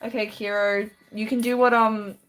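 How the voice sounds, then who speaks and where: A woman from Australia speaks with a highish, fairly bright voice in a flat delivery at normal speed. She's drawing on a live stream from her room, chatting casually with viewers and laughing lightly when she responds.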